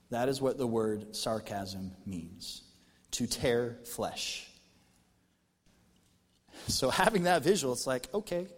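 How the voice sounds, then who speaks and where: An American man preaching a sermon as pastor, talking to the congregation in a lively, conversational way with jokes. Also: medium pitch, slightly rough. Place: church auditorium. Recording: long reverb from a church hall.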